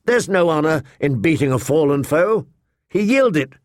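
A man's voice: a little high, lively intonation, unhurried, no echo, studio quality, voice pushed up. A man voicing an earnest young recruit standing up for a fallen boy, in an audiobook. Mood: urgent.

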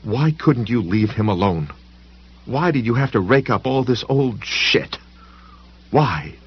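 A man's voice: lowish voice, lively intonation, moderate pace, slightly rough, highs cut off. A man voicing an angry, tearful woman who speaks in a bitter, accusing way. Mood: furious.

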